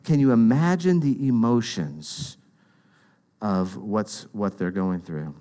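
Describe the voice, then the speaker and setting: A man's voice: on the low side, slow, dark tone, clear, resonant tone. A man preaching a sermon in an earnest, conversational storytelling manner.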